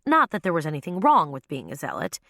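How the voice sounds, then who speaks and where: A woman narrating an audiobook with lively storytelling. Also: low-pitched, fast, vocal fry, no room sound, clean studio sound. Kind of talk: scripted narration.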